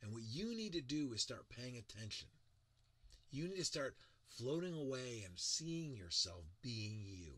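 Man, speaking coach, lively swooping pitch, bright husky voice, motivational talk. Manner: animated, swings from soft and slow to loud bursts. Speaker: presentation coach. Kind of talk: motivational lecture to camera.

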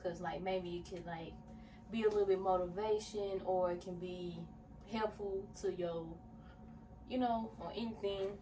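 A woman's voice: medium pitch, steady tone, measured pace, dark tone. Young woman vlogging casually from a distance. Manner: rambling, filler-heavy, addresses viewers as y'all. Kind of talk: casual vlog talk. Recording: distant mic with faint background hiss.

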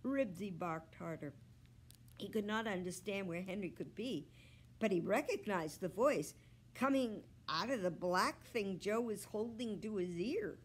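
A librarian woman reading a children's book aloud with slow, expressive storytelling. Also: mid-range voice, husky.

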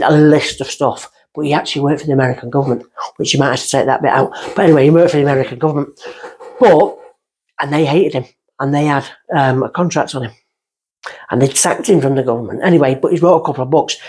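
A woman, a guest on a podcast, telling a long personal story in a rambling way and going off on tangents. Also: husky. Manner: lively, jumps up in pitch when excited. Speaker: guest medium. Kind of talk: casual storytelling.

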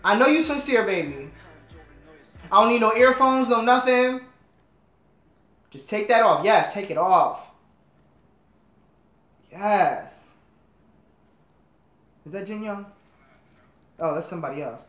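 A man's voice: high-pitched, animated, slow pace, pauses often, fairly bright tone, reverberant. A man hosting a music video reaction, gushing and playful as he comments. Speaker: host of a music reaction channel.

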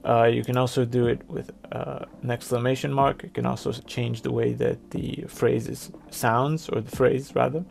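A man presenting a software tutorial, talking through each step on screen in a plain explanatory way. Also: mid-range voice, level tone, moderate pace, vocal fry, hardly any pauses. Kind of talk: screen-recorded software walkthrough.

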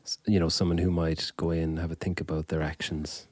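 A man's voice: extremely low pitch, little pitch movement, a little fast, a little mellow, no echo. A man co-hosting a podcast in casual chat, telling rambling stories and laughing often. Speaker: podcast co-host.

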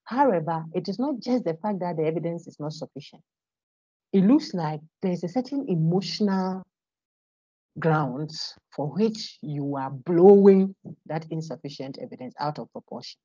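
Low, husky woman lecturing. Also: lively intonation, moderate pace, warm tone, no room sound. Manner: emphatic, asks the class rhetorical questions. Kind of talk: online lecture. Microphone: computer microphone on a video call. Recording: dull, lo-fi online call audio.

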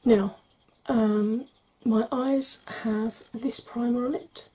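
A woman hosting a soft-spoken ASMR makeup tutorial, chatty and explanatory, sometimes dropping into a whisper. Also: on the high side, fairly even intonation, takes it slowly, slightly rough, rough recording.

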